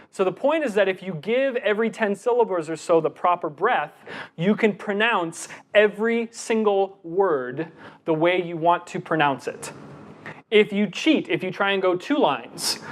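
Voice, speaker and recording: A middle-aged man presenting a lecture on giving talks, animated, reciting verse with deliberate breaths. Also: sits high.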